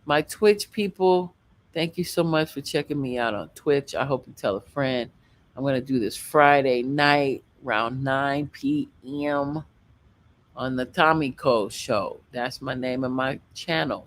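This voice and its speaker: Brief: casual stream host, a man with a drawn-out, slow delivery and a gravelly edge, rambling goodbyes to chat. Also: medium pitch. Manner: rambling, loose sign-offs, talks to chat. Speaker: livestream guest and show host. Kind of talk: casual late-night livestream chat.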